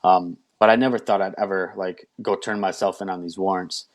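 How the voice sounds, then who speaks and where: Interview guest, man, lowish voice, candid storyteller who slips into his own past lines. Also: steady tone, fairly quick. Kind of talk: personal testimony.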